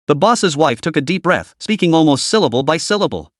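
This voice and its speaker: A man's voice: on the high side, brisk, dry recording, studio quality. A man narrating a dramatic story recap in a scripted reading voice. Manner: lively storytelling, reads all characters' lines himself.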